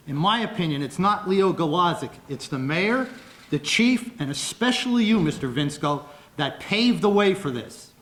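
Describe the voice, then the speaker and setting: A man speaking loudly and excitedly as a public commenter at a city council meeting, pointed and accusatory, at a podium microphone. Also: a little high, normal speed. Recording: echoey council chamber.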